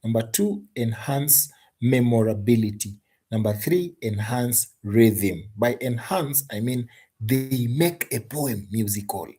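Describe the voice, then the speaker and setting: A man's voice: mid-range voice, animated, takes it slowly, dark tone, slightly rough. A man teaching an exam tutorial, stressing and repeating key points and asking rhetorical questions. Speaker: English teacher.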